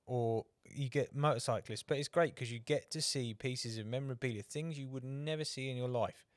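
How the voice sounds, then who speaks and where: A man's voice: medium pitch, normal speed, no room sound, clean studio sound. A man, co-hosting a motorsport podcast in casual chat, telling rambling anecdotes and swearing freely. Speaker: podcast co-host.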